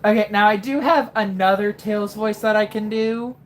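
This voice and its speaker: A woman's voice: mid-range voice, fairly even intonation, normal speed, a little hiss or hum. A woman streaming live and chatting casually while gaming, playful, giggly, swearing freely.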